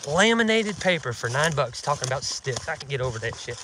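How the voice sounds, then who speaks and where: A man's voice: mid-range voice, very animated, a little fast, background noise. A man hosting an outdoors channel, delivering a profane, mocking, indignant rant while out in the woods. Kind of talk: casual ranting vlog.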